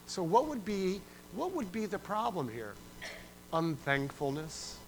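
A man preaching a sermon as pastor, animated and conversational, acting out quoted voices and singing a verse. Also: sits high, measured pace, a little hiss or hum, poor audio.

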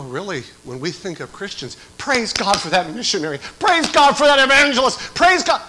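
Fiery preaching man with a bright, lively voice. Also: fairly high pitch, slight background noise, poor audio. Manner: swings from quiet to shouting exhortation. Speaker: pastor. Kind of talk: sermon.

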